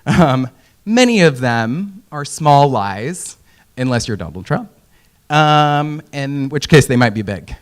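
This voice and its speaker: A man's voice: medium pitch, expressive, slow pace. A young man from Indiana giving a casual, joking conference talk with many fillers. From Indiana, USA. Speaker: conference speaker. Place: conference hall.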